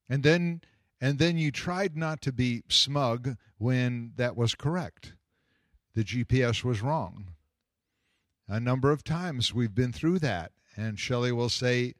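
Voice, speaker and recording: A man's voice: medium pitch, a little slow, no echo, studio quality. A man preaching a sermon, telling a story and asking the congregation questions. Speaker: pastor.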